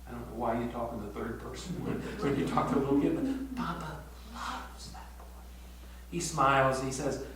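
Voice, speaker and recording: An older male pastor giving a retreat sermon, telling a tender story and often sinking to a hushed near-whisper. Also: medium pitch, quick pace, few pauses, a crowd in the background. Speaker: pastor leading a prayer retreat. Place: retreat meeting room. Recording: echoey room from far off with faint hum.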